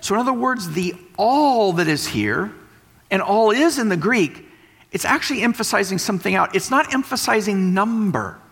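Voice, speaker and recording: A man's voice: sits high, lively intonation, moderate pace, creaky, fairly bright tone, slightly rough. A man preaching a sermon, explaining and repeating points for emphasis. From West Texas. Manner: explanatory, emphatic teaching with repetition. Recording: long hall reverb.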